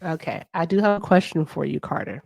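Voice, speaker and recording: A woman's voice: low-pitched, expressive, a little fast, creaky, darkish tone, dry recording. A woman hosting a livestream, questioning callers in a blunt, teasing way. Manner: blunt, teasing, talks straight to viewers. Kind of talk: casual live-stream chat.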